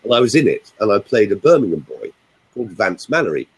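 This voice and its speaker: An older man with a slightly husky voice talks through his stories, his pitch rising and falling a lot. He is chatty and lively, a voice coach chatting casually with an online audience. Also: quick pace, rough recording. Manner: chatty, animated storyteller. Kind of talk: casual webinar chat.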